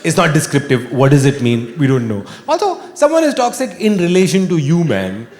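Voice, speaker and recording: A man doing a stand-up comedy set on stage, wry and animated, sometimes bursting into shouting. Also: fairly high pitch, brisk. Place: live comedy venue with audience laughter. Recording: echoey live room with long reverb. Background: audience laughter and room ambience.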